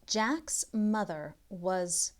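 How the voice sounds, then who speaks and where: A woman tutoring literacy, reading a storybook aloud to children in an expressive way, now and then dropping to a soft whisper. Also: medium pitch, drawn-out words.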